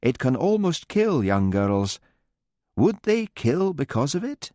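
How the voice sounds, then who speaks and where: A man voicing a calm, blunt village police constable in an audiobook, measured and plain-spoken. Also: medium pitch, dry recording, clean studio sound, pitched above the performer's own voice. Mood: musing.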